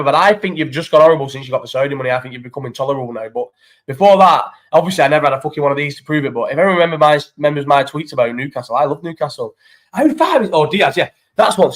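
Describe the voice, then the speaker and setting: A young man hosting a casual live chat into his phone, sweary and rambling as he banters with viewers' comments. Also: fairly high pitch. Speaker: live stream host.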